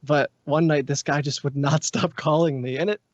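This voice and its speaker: A man's voice: on the high side, steady tone, moderate pace, no room sound. A man chatting as a podcast guest, loose and rambling with lots of filler words. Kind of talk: casual podcast chat. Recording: dull, muffled podcast audio.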